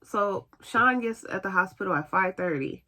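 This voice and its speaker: Brief: female vlogger, casual story time, lively and animated, middle pitch. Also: normal speed. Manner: chatty and animated, acting out what others said. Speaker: vlogger telling a personal story.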